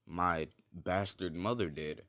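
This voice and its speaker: A man's voice: low-pitched, slow, a bit bright. A man voicing a brash young man fused with a symbiote, casual and swearing, hesitant at times. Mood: nervous.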